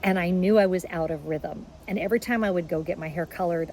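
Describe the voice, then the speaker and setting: A middle-aged woman talks to her viewers in a relaxed, chatty way. Her voice sits a little low, and a faint hum of background noise runs under it. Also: fast, rough recording. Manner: chatty, warm-hearted, emotional in places. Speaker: vlogger. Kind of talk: casual talk to camera.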